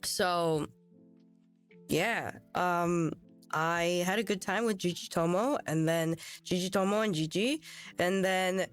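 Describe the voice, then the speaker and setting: Woman streamer, high voice, unhurried, dramatic rambling storyteller. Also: fairly bright tone. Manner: rambling, dramatic, laughs through it. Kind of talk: casual storytelling to chat. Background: faint music.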